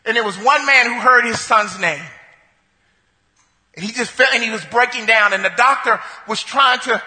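A male pastor preaching a sermon, emphatic and repetitive, building up to shouts. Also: extremely high pitch, moderate pace, long reverb tail.

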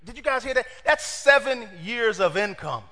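High bright-voiced preacher guy, lively sermon, big echoey church. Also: moderate pace. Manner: animated, asks the congregation questions, acts out quotes.

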